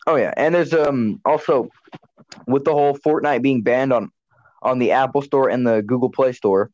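A man's voice: mid-range voice, moderate pace, darkish tone, no room sound. A man hosting a casual podcast chat, rambling and blunt, often correcting himself mid-sentence. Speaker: podcast host. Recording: dull lo-fi sound.

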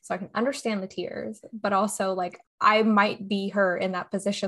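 A woman's voice: mid-range voice, fairly even intonation, brisk, hardly any pauses, a bit bright. Young woman cohost, casual chat, lots of oh my god and laughing. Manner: reacts with frequent "oh my God" and laughter. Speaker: podcast co-host.

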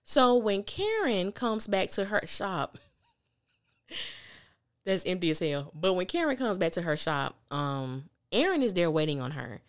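A woman hosting a podcast, recapping a TV episode in a casual, animated way with blunt slang and emphatic storytelling. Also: lowish voice, measured pace. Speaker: podcast host.

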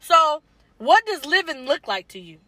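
A young woman chats casually on a podcast, calling her listeners y'all and laughing easily. Her voice is high and bright. The sound is dry and close to the mic. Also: big pitch swings, measured pace, dry recording. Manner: chatty, addresses listeners as y'all, laughs often. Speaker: podcast co-host. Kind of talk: casual chat.

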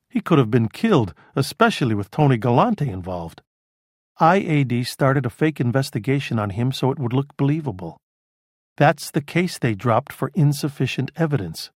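A man voicing a dry, cerebral middle-aged male criminologist who explains things in a measured way in an audiobook. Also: mid-range voice, sing-song, dry recording. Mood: explaining. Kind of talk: audiobook character voice.

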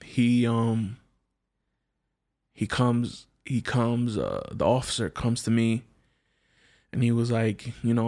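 A man's voice: medium pitch, takes it slowly, pauses often. A man telling a personal story in a casual, slangy way, acting out the other people's lines and often restarting his sentences. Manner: slangy, animated, acts out quoted voices; frequent restarts and repeated words.

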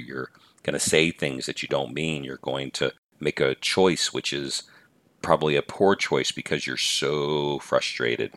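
A man's voice: rumbling low, fairly bright tone, dry recording. A middle-aged man hosting a podcast, giving an earnest talk on patience in numbered points. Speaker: podcast host and teacher-coach.

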